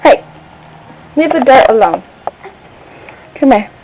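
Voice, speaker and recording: A woman's voice: sits high, animated, slow, darkish tone, poor audio. A mother talking to her baby in a home video, coaxing in sing-song baby talk with gasps. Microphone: home video camera.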